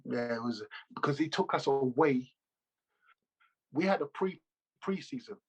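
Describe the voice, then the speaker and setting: Ex-footballer guest, male, slangy and animated, husky voice on lo-fi video call audio. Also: mid-range voice, unhurried. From England. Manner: animated, loose slangy storytelling with repeats. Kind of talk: casual interview storytelling.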